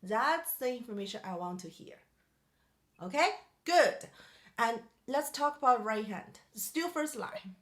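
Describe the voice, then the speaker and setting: Slow-speaking woman piano teacher. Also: on the high side, expressive, a bit bright. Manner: sings melodies on syllables, asks the student questions. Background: piano playing.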